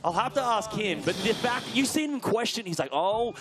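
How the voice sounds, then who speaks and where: A man giving live sports commentary, excitable and bursting into shouts when something big happens. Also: high-pitched, normal speed, over a noisy crowd.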